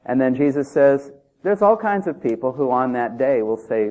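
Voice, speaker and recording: A man preaches in a punchy, talky manner, tossing rhetorical questions at the congregation. His voice sits at an ordinary male pitch. The sound is thin and narrow, like a phone line. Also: moderate pace, dark tone. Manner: emphatic, conversational, with rhetorical questions. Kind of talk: sermon. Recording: tinny phone-like audio.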